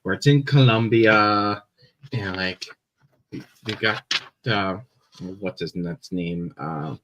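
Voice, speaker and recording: A young Canadian man with a Canadian accent chatting casually on a live stream, rambling with many fillers and pauses. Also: fairly low pitch, a bit bright, slight background noise, rough recording.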